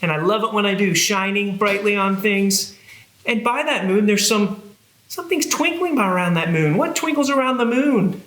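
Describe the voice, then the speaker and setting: A man's voice: high-pitched, animated, normal speed, fairly bright tone, reverberant. A man who is a children's librarian, leading a cheerful sing-song music and movement session for young kids.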